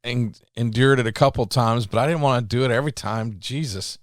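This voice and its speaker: A man's voice: mid-range voice, fairly quick, no echo, studio quality. A man hosting an interview in a laid-back, casually profane way. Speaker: host.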